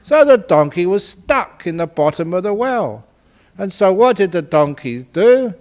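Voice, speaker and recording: Man, Buddhist teacher, storytelling, playful and lively, unhurried delivery. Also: high-pitched. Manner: playful and animated, laughing often. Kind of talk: storytelling in a dharma talk.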